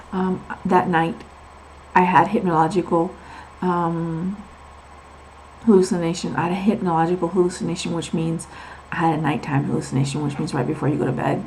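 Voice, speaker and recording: A woman with a gravelly, creaky voice confides her own story to the camera. She talks candidly, leaning on repeated words for emphasis. She wanders onto side tangents before pulling back to the point. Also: fairly low pitch, slight background noise, low-quality recording. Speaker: vlogger sharing her medical experience. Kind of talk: personal storytelling vlog.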